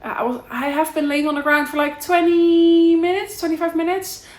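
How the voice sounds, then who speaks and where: A young Dutch woman with a very high voice and a Dutch accent vlogs to camera, casually catching up with her viewers. She chats candidly and rambles at a moderate pace with fairly even intonation, and the sound is roomy.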